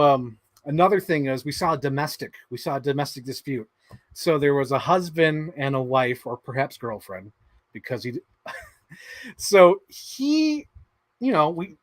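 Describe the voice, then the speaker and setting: A man's voice: a little high, dry recording. A man hosting a casual livestream, rambling through anecdotes and swearing casually. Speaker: host.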